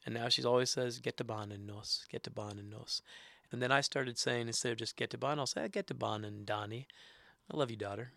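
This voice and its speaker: Gravelly man teaching phrases. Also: mid-range voice, steady tone, dry recording. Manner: repeats phrases slowly and warmly for learners. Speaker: language teacher. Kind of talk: casual instruction.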